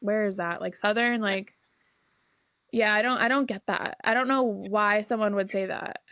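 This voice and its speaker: A woman's voice: medium pitch, steady tone, normal speed, fairly bright tone, dry recording. A woman from Massachusetts co-hosting a casual podcast, blunt with dry asides. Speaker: podcast co-host. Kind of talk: casual chat.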